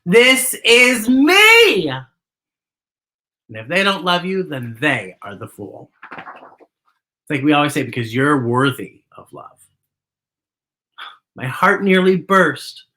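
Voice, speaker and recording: Lively woman reading a storybook to kids. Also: sits low, slow pace, pauses often. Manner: animated, talks directly to young viewers. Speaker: children's story time host. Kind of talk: reading a picture book aloud to children.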